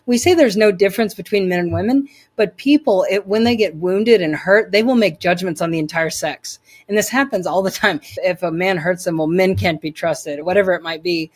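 A woman's voice: fairly low pitch, brisk, few pauses. A woman as an interview guest, telling her personal faith testimony in an earnest, emphatic way, repeating phrases for weight.

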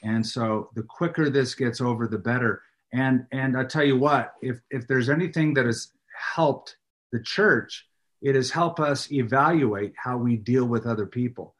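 Animated middle-aged preacher in a chat. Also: male voice, mid-range voice, normal speed. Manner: animated, speaks with a preacher's emphasis. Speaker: pastor and author, guest. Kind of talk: casual interview chat.

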